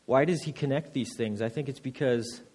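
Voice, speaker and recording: A man pastor giving a sermon, reading scripture slowly and then preaching with rising emphasis and repeated words. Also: mid-range voice, a little mellow, husky. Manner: repeats words when restarting phrases. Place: church.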